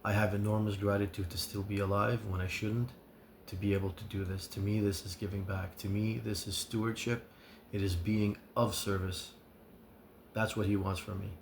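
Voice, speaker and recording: Gravelly low-voiced man, sincere. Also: level tone, slight background noise. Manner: sincere, measured, listing points with pauses. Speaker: recovery vlogger. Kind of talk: earnest advice monologue.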